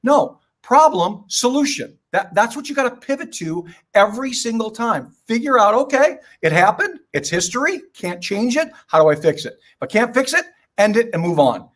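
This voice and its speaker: High-pitched, emphatic older man. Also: big pitch swings, moderate pace, hardly any pauses, a bit bright. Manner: emphatic, preachy storyteller with punchy short phrases. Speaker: guest. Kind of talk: motivational podcast talk.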